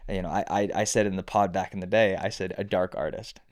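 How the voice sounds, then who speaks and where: A man on a faith podcast, telling stories in casual chat, animated and rambling, full of restarts. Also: low voice, quick pace.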